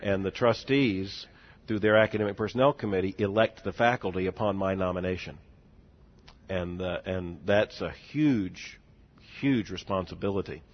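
A man in his forties, a seminary president, telling a story in a speech, swinging between hushed and loud with laughing asides. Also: low-pitched, normal speed. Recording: dull lo-fi recording.

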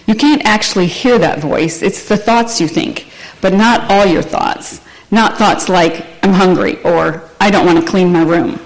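A woman reading the part of a kind, patient mother who gently explains things to her daughter in a storybook read aloud. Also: lowish voice, unhurried, low-quality recording. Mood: gentle.

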